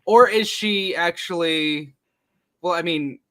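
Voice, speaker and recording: A podcast co-host in casual recap chat, hesitant and full of fillers, with loud bursts of laughter. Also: mid-range voice, slow pace.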